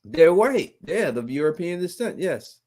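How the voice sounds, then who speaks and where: A man's voice: on the high side, big pitch swings, measured pace, a little mellow. A man hosting a live call-in stream, talking bluntly and casually with slang. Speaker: host.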